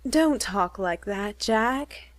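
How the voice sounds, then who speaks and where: A woman's voice: mid-range voice, lively intonation, very slow, dry recording. A woman reading as a flustered young woman, pleading and emotional.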